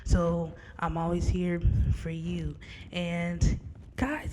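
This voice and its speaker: A young woman hosting a podcast, chatting warmly with her mother and laughing often. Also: on the low side, completely flat delivery, drawn-out words, music in the background. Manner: warm, laughs often, talks to listeners as "y'all". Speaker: podcast host. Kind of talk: casual chat. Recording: roomy reverb.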